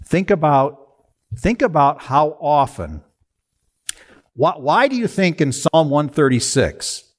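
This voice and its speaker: Lively, slow-spoken male preacher. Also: a little high. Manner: lively preaching, rhetorical questions. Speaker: pastor. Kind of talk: sermon.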